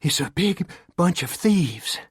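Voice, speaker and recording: A man's voice: a little high, expressive, normal speed, no echo, studio quality, pitched above the performer's own voice, natural voice. A man doing a blunt frontier girl. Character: fast-running fourteen-year-old frontier girl, matter-of-fact.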